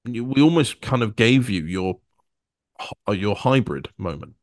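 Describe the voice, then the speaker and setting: A man hosting a casual interview, talking in a halting way and restarting his phrases often. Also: fairly low pitch, lively intonation, no echo, clean studio sound. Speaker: interviewer, co-creator.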